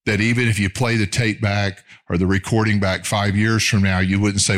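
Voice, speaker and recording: This is a sermon from a middle-aged male pastor whose pitch sits fairly low. His delivery is earnest and measured, slowing on the phrases that matter most.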